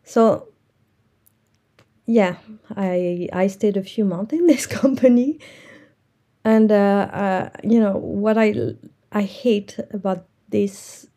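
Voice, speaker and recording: A woman's voice: mid-range voice, fairly even intonation, slow pace, pauses often, dark tone. A woman, an entrepreneur, earnestly recounting a personal story from her working life.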